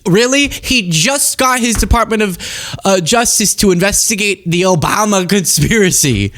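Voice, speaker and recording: A man's voice: high-pitched, expressive, normal speed, fairly bright tone. A man hosting a political commentary show, talking casually and sarcastically, acting out exaggerated voices.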